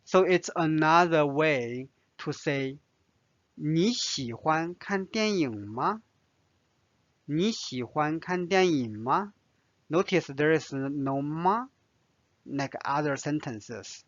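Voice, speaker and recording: A man with a Chinese accent teaching Mandarin vocabulary and grammar, explaining slowly with small restarts. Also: fairly high pitch, expressive, no echo, highs cut off. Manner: slow, careful, with restarts and fillers. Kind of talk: language lesson narration.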